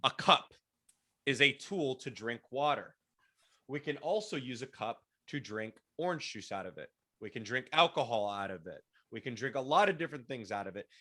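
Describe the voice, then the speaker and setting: A man's voice: mid-range voice, bright, forceful tone. A man whose first language is Spanish, presenting an online workshop and coaching attendees, often repeating words as he restarts sentences. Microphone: video call.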